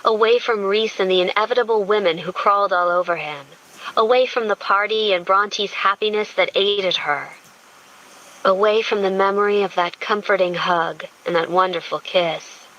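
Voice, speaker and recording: A woman reading a romance audiobook in a smooth, intimate storytelling manner. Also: medium pitch, moderate pace, fairly bright tone, muffled recording. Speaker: audiobook narrator. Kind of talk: scripted romance narration.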